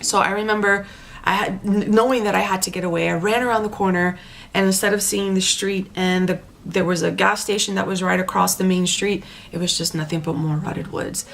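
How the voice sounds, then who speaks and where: In a casual personal story, a woman recounts a frightening dream, sounding animated and halting as she restarts and repeats words often. Her voice is mid-range with vocal fry.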